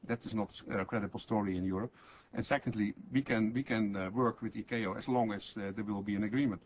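Low-voiced man arguing on a panel. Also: fairly even intonation, quick pace. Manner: plain, earnest, argumentative, with non-native phrasing. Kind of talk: panel discussion response. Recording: dull lo-fi conference recording, faint noise.

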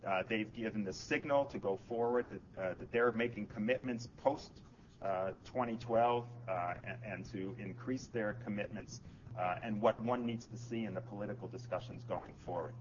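Male panel speaker, low, measured, lo-fi hall recording with faint hiss. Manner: measured, policy-minded, frequent fillers and restarts. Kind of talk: panel presentation. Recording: dull lo-fi conference recording, faint noise.

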